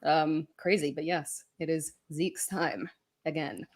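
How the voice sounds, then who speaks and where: A woman's voice: low voice, steady tone, slow. A woman giving sports analysis on a live Q&A show, talking in a giggly, playful way. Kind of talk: casual live Q&A chat.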